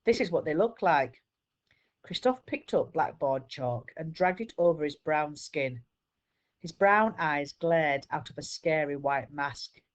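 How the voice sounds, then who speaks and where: A woman teacher reading a children's book aloud in a steady storytelling manner. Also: deep voice, measured pace, dull audio.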